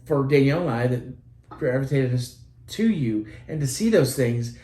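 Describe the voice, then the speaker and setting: A man's voice: medium pitch, expressive, moderate pace, warm tone. Earnest rambling man in roomy echo. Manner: earnest, rambling, with many restarts. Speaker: podcast co-host, parent. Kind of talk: casual podcast chat.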